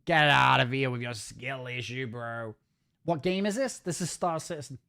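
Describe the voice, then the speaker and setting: A man from the north of England with a northern English accent, chatting casually and jokily on a gaming livestream, talking fast with frequent restarts. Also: mid-range voice, creaky, pushed and bright. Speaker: streamer.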